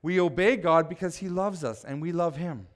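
A man's voice: fairly high pitch, moderate pace. A man preaching a sermon as pastor, speaking emphatically and asking the congregation questions.

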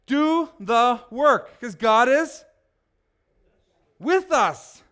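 A man delivering a sermon in a very high, smooth and resonant voice. He speaks slowly and deliberately. He drops to quiet asides, then rises to loud, emphatic exhortation. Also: expressive. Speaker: pastor.

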